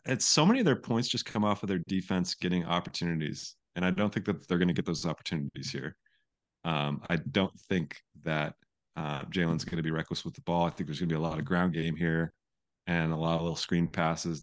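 A man's voice: sits low, fairly bright tone. A man from the Pacific Northwest of the US co-hosting a casual sports betting podcast, easygoing but ready to argue a point. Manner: easygoing, argumentative, joking. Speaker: podcast co-host.

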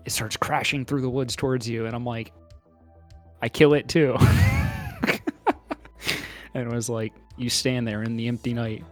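A man's voice: mid-range voice, flat delivery, moderate pace, soft background music. A man hosting a podcast in casual chat, laid-back and rambling with lots of hesitation. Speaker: podcast host.

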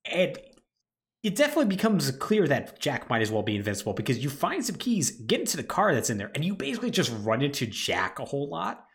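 A man's voice: on the high side, wildly swooping pitch, quick pace, fairly bright tone. A man co-hosting a podcast, casually recapping a video game's story and briefly acting out the characters' lines. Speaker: podcast co-host. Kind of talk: casual game recap chat.

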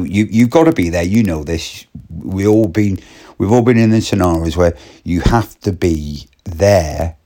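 Man, deep voice, slow and rambling, casual storyteller. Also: warm tone. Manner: rambling, repetitive restarts.

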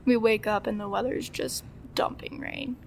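This woman's medium-pitched voice has vocal fry, a fairly even intonation, and a moderate pace, with slight background noise behind it. She's in her twenties, a chatty podcast guest telling a casual story, often performing quoted dialogue and laughing.

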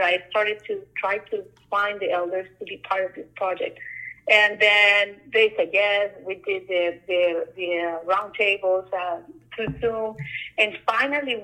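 A woman artist who works on murals, talking casually and telling stories in an animated way, often acting out the lines people said to her. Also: medium pitch, low-quality recording. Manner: animated storyteller, acts out quoted dialogue. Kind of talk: casual conversation.

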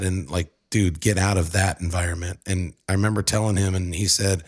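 A man in his thirties with a somewhat low voice shares an emotional personal story. He talks in a casual, run-on way, dropping "like" and "dude" often. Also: steady tone, normal speed. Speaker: husband telling a family story.

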